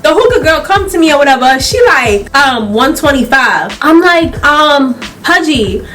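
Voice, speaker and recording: High, bright young woman telling a story. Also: normal speed, a little hiss or hum. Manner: animated, laughing, acting out quoted people. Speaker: YouTuber. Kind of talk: casual story time.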